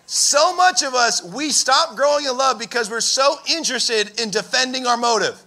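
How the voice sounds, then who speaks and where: A young man preaching a sermon, telling stories in an animated way and raising his voice for emphasis. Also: very high voice, normal speed, hardly any pauses. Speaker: pastor.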